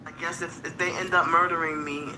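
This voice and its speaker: A woman in a played stream clip rambling on about being harassed and manipulated, with many pauses and fillers. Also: deep voice, little pitch movement, a crowd in the background, rough recording. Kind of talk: rambling monologue.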